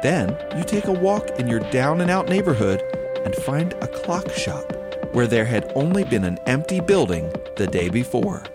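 A man delivering a dramatic audiobook promo introduction. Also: medium pitch. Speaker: audiobook announcer. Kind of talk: promo narration.

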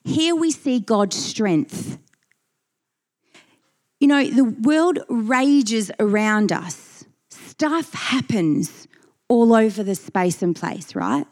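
Earnest woman preaching at an unhurried pace. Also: on the high side, expressive, darkish tone. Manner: earnest, emphatic, repeats phrases. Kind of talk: sermon.

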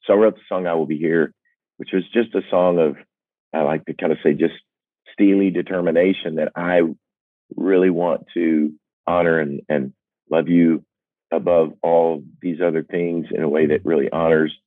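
Older male singer-songwriter, low voice, earnest and self-mocking storyteller; thin phone-like sound. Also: steady tone, no echo. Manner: earnest and reflective, self-deprecating, halting restarts. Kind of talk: candid personal storytelling. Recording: dry, phone-like narrow sound.

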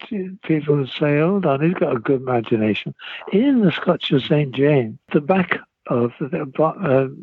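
An older man with a Liverpool accent tells rambling anecdotes, chuckling as he goes. His voice is husky, with a mid pitch. It is dry and tinny, coming down a phone line. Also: no echo. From Liverpool, England. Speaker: interview guest. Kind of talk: anecdotal storytelling.

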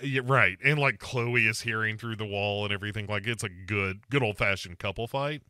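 A podcast host with a fairly low, bright, resonant voice casually recaps a movie, dropping wry mock quotes in a forceful, clear tone at a moderate pace. The studio recording is clean with no echo.

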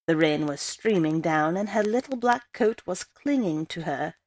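A woman reading a first-person story aloud in a measured storytelling way. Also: lowish voice, animated, a little mellow. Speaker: story reader.

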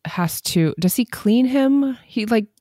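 A woman's voice: a little high, lively intonation, takes it slowly, warm tone, no room sound, studio quality. A woman co-hosting a casual film podcast, talking hesitantly with many fillers. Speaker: podcast co-host.

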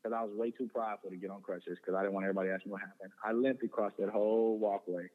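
A man's voice: lowish voice, steady tone, racing. A young man telling a personal story in an earnest way, often repeating words and restarting. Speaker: guest. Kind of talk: personal testimony in conversation. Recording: tinny phone-like sound with long reverb.

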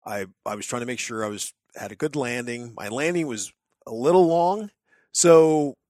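A man telling stories in casual chat, lively and full of restarts, acting out what others shouted. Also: medium pitch, moderate pace, dry recording, clean studio sound. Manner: animated storyteller, acts out crowd shouts.

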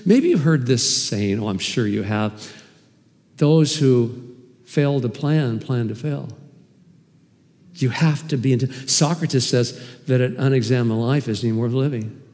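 A man preaching a sermon as pastor, animated and emphatic, with sudden swings in loudness. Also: medium pitch, a little slow, long reverb tail. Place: church hall.

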